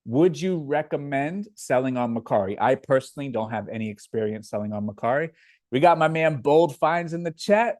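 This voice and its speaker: A man's voice: medium pitch, animated, a little fast, a little mellow, dry recording. A man from Indiana, hosting a casual live Q&A and reading viewer comments aloud before answering them. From Indiana, USA. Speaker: livestream host.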